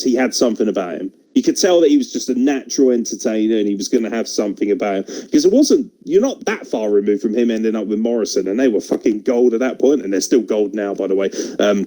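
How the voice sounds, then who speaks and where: On a wrestling podcast, this English co-host talks quickly in a warm, lowish voice. He riffs casually, cursing, laughing, and slipping into impressions.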